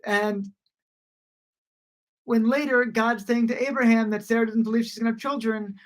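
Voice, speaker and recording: Woman teaching in a relaxed, chatty way. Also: a little high, moderate pace. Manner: conversational, frequent "you know" fillers and restarts. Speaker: Talmud teacher. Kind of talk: casual spoken lesson.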